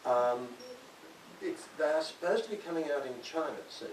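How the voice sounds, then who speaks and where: A man's voice: a little high, moderate pace. Older man in an echoey hall. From Australia. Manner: chatty, self-mocking, laughs often. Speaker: author speaking at a library event. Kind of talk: talk to an audience. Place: library hall. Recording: distant, echoey hall with hiss.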